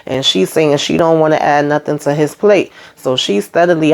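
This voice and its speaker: A woman's voice: sits low, steady tone, a little fast, hardly any pauses. A woman hosting a casual show recap, chatty and full of asides, retelling scenes by quoting what people said.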